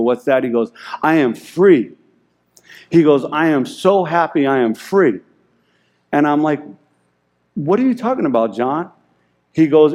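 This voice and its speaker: Excited rambling man giving a sermon. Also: medium pitch. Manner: excited, rambling, self-deprecating; reads scripture aloud. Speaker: lay preacher. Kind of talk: informal sermon.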